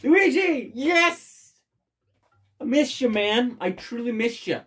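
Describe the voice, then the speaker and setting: A let's play host giving excitable game commentary with loud bursts of cheering and frequent swearing. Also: medium pitch, normal speed. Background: faint game music.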